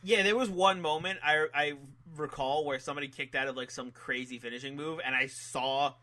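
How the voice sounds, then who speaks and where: A young man co-hosts a podcast in a casual, animated way, acting out moments with quoted voices. His voice is a touch high and bright. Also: fairly quick. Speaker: podcast co-host. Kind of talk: casual chat reviewing wrestling matches.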